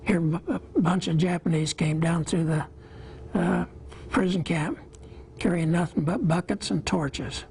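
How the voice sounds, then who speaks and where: A man in his eighties from Iowa, a war veteran telling his memories in an interview, plain-spoken and halting, with small pauses. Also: a little high, fairly even intonation, creaky, a little mellow, slight background noise, rough recording.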